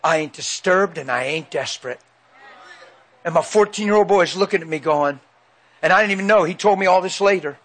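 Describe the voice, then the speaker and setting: A middle-aged man preaching with a notably high voice. He tells a story in a lively, animated way and acts out the dialogue. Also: brisk, long pauses. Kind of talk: sermon testimony.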